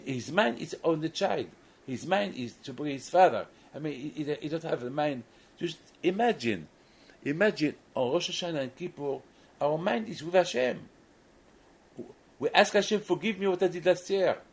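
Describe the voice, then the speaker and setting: A man's voice: a little high, husky, rough recording. A man, a rabbi, gives a sermon and tells a story, often restarting and repeating words, in non-native English phrasing.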